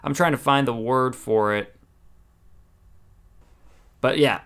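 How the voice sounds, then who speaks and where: Opinionated man recapping wrestling, smooth voice. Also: mid-range voice, slow, pauses often, a bit bright. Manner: opinionated, exasperated asides. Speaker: wrestling show reviewer. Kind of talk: casual recap commentary.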